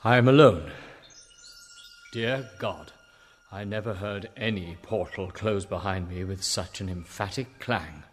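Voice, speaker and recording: An actor playing a polite, bemused young English gentleman traveler, talking to himself in a genteel, chatty way with an English accent. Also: sits low, measured pace, breathy edge, big-room sound. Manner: genteel, chatty inner monologue. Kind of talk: radio drama acting.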